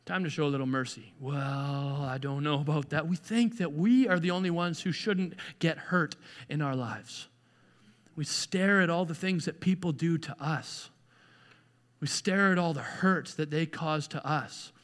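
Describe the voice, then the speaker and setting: A man's voice: fairly high pitch, unhurried. A man preaching a sermon in a conversational way, often restarting and repeating words. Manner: conversational, animated, acts out quoted voices. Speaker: pastor. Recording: echoey hall.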